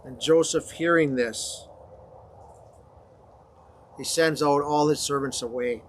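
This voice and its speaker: Male confirmation teacher, slightly raised pitch, halting conversational retelling, faint hiss. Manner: conversational, halting, frequent fillers. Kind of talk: informal Bible story retelling.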